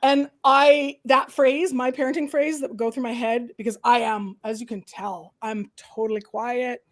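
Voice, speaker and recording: A woman's voice: fairly high pitch, moderate pace. A middle-aged woman from the Canadian prairies, hosting a casual chat and acting out little quoted voices as she talks. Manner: animated, acts out quoted voices. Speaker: host.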